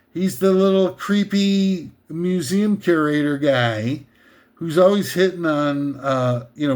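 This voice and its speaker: Rambling sarcastic man with a higher voice. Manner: rambling, hesitant with many fillers, sarcastic ranting. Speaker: comedic list host. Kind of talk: rambling comedic monologue.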